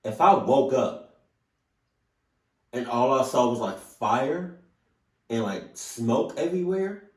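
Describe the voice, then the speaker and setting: A man's voice: mid-range voice, takes it slowly, distant mic. A man hosting a reaction video, talking emotionally and swearing often. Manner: emotional, swears often, sudden loud outbursts. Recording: roomy echo, voice set back from mic.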